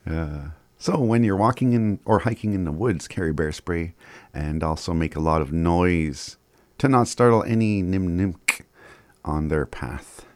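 A man's voice: deep voice, measured pace, darkish tone. A man hosting community radio, reading daily announcements in an easygoing way, chuckling and stumbling over words now and then. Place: radio studio.

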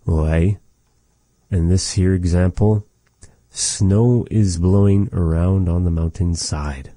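A man teaching vocabulary in a casual lesson, repeating each word slowly with chatty asides. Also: low-pitched, fairly even intonation, mellow, no room sound. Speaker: language teacher.

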